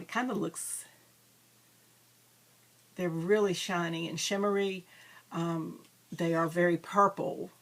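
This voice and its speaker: A woman hosting a crafting videocast, chatting casually and rambling with frequent ums and self-deprecating asides. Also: fairly low pitch. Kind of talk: casual show-and-tell chat.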